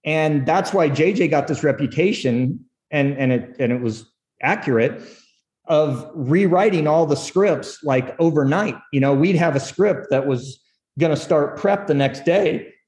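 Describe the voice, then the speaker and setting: A middle-aged man, a screenwriter guest, recounts his early career with candor. His voice sits a bit high, and he slips into quoted voices, laughing as he goes. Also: a little slow. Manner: animated storyteller, acts out quotes, laughs often. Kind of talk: candid storytelling interview.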